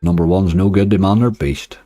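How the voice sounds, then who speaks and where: A Northern Irish man chats to his viewers while live-streaming casino games, grumbling at near misses, with faint game music behind him. His low, mellow voice stays fairly even and moves fairly quickly, and the recording is dry and close.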